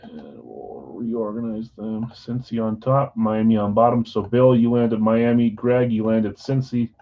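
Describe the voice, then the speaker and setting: A man hosting a live sports card break stream, chatting casually with viewers and reading out team assignments in a relaxed way. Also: fairly low pitch, a little slow, vocal fry, phone-quality sound. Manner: relaxed, chatty, talks straight to viewers by name.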